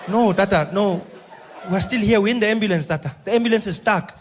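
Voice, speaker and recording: A man's voice: high-pitched, a little fast, a little hiss or hum, close to an everyday voice. A man voicing a fretful young male helper in a stand-up set, with a pleading, anxious tone.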